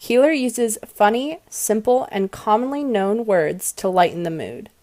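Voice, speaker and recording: A woman giving a class presentation on poetry, explaining clearly and stressing her example lines. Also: medium pitch, expressive, measured pace, darkish tone, no echo.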